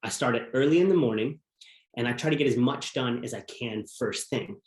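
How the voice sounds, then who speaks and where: A man's voice: mid-range voice, a little fast. A man as a podcast guest, telling a personal story in an earnest, reflective way. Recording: roomy echo.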